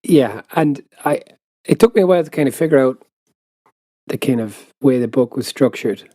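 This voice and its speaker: Irish male co-host, relaxed chat, dark mellow tone, dry close sound. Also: mid-range voice, normal speed, no room sound. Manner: chatty, laughs often, trails off mid-sentence. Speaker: podcast co-host. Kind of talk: casual chat.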